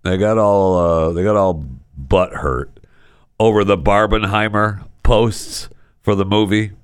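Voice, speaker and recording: A man's voice: lowish voice, fairly even intonation, unhurried, smooth, no room sound, studio quality. A man hosting a talk show, ranting sarcastically about the news, often tripping over his words and restarting. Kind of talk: casual talk-show commentary.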